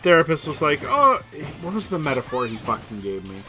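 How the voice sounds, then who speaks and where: A man's voice: mid-range voice, sing-song, fast, background noise. A young man rambling through casual gaming stream commentary in a put-on voice, swearing freely and making fun of himself. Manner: rambling, profane, self-deprecating; playing up a put-on voice.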